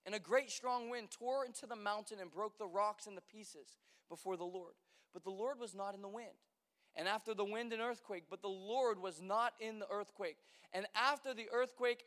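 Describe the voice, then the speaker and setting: A man preaching an animated sermon as pastor, acting out voices in the quotes he tells. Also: high voice, in a large hall.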